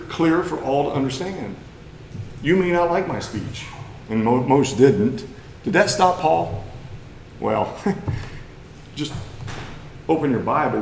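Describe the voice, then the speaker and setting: A man from Missouri, speaking with a Missouri accent, preaches a sermon lesson in a plain-spoken, folksy way that rises into emphatic bursts. His medium-pitched voice sounds roomy, and the poor audio carries slight background noise.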